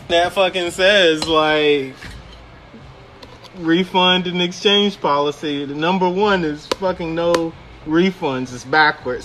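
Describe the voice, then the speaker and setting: A man's voice: fairly high pitch, measured pace, bright, forceful tone, a little hiss or hum. A man casually telling a story about his job managing a store, laughing often and swearing freely. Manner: laughing often, swearing, quoting in put-on voices.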